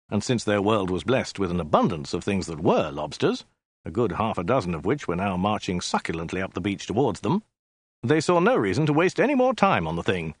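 A male narrator reading a comic tale aloud. His delivery is dry and deliberate, and his voice moves animatedly up and down. The recording is close and free of room sound. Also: fairly low pitch, dry recording. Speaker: audiobook narrator.

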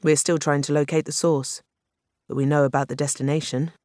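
A man's voice: a little high, level tone, brisk, a little mellow, no echo, studio quality, natural voice. A reader voicing a bulky, tired male police commander in his fifties, grave and matter-of-fact. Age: 50s. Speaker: police superintendent.

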